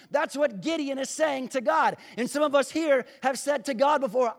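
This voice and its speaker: A man preaching a sermon in a high, ringing voice. He talks straight to his congregation and builds to fervent, almost shouted emphasis. The sound carries a long reverb from a large church hall. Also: normal speed, few pauses. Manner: rising to impassioned, near-shouting emphasis; addresses the congregation directly. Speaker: pastor.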